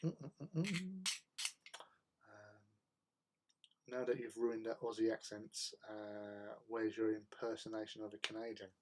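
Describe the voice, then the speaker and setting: A man's voice: fairly low pitch, monotone, a little slow. Rambling man chatting casually. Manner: rambling, laughs often. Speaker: host of a hobby livestream. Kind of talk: casual chat with viewers.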